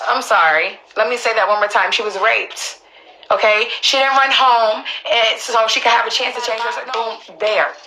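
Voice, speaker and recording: A woman's voice: on the high side, bright, forceful tone, a little hiss or hum, poor audio. A woman on a live stream, talking emotionally and emphatically, swearing and repeating herself for stress, often asking listeners if they understand. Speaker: livestreamer speaking up for her mother.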